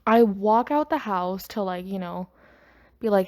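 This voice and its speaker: A woman's voice: mid-range voice, measured pace, a little mellow. A woman hosting a podcast, telling a personal story in a rambling, chatty way. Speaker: podcast host. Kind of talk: casual storytime monologue.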